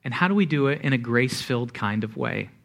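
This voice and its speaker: A man preaching a sermon as pastor, animated, with repeated words and acted-out quotes. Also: medium pitch, fast, creaky.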